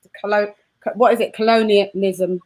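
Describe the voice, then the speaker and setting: A woman's voice: medium pitch, fairly even intonation, fairly quick, noisy background. A woman from the United Kingdom hosting a live stream, bubbly and chatty, laughing often. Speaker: host. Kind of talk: casual live-stream chat.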